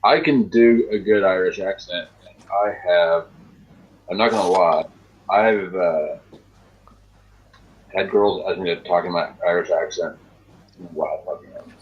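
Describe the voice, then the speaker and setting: Brash low-voiced young man, lo-fi. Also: steady tone, measured pace, long pauses. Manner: crude, joking, brash. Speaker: friend in a group chat. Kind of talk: casual chat. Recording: dull lo-fi sound.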